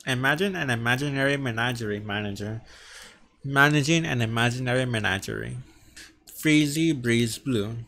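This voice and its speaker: A man's voice: mid-range voice, moderate pace, gravelly, pushed and bright, a little hiss or hum. A man with a stutter and a lisp who practices tongue twisters on camera in a room at home while wearing earphones, repeating sounds as he trips over words. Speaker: vlogger.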